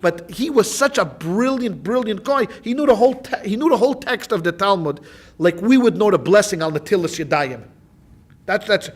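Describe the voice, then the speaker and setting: A man's voice: sits high, slightly rough. A man teaching a Talmud class as a rabbi, telling a story in a loose, informal way, with many restarts and repeated phrases.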